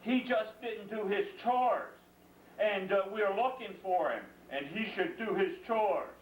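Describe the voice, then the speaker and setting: A worried father from a told tale speaks in a slow, raised, pleading voice, as a man acts him out. He is heard from a distance in an echoey room, with a soft background hum. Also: high-pitched, voice pushed up. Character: worried father searching for his son.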